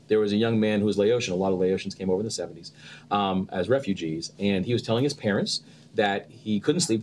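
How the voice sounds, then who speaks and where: Male actor guest, lively storyteller, lowish voice, light background hiss. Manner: animated storyteller, acts out quotes with laughter. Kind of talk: casual interview chat.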